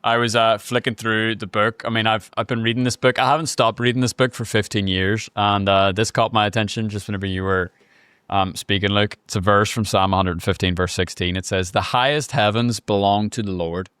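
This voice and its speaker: Male podcast host, smooth clear voice, playful, upbeat, dry sound. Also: on the low side, fairly even intonation, brisk, fairly bright tone, no echo. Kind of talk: casual podcast conversation.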